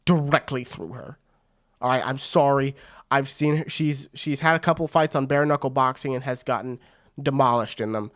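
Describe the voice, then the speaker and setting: A man's voice: mid-range voice, moderate pace. A man hosting a fight watch party, giving casual, rambling commentary full of slang. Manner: excitable and rambling, slangy with frequent "bro".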